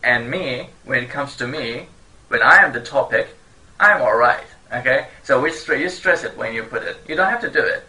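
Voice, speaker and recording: A man whose first language is Turkish, teaching an online language lesson in a cheerful way, often laughing and repeating phrases slowly for learners. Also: medium pitch, animated, bright, forceful tone, poor audio.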